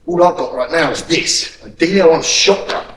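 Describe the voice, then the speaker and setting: A man coaching a self-defence class, his voice sitting a little high for a man. He is blunt and profane and barks drill commands. The sound comes from some way off the mic, in an echoey room with a faint hiss behind it. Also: fairly quick, recorded from a distance. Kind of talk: hands-on class instruction.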